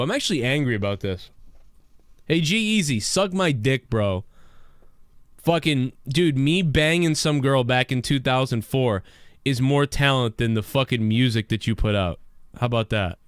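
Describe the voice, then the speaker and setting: A man's voice: mid-range voice, expressive, moderate pace, clear, resonant tone, no echo. A man hosting a livestream show, ranting in a brash, profane, rambling way. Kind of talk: ranting live commentary.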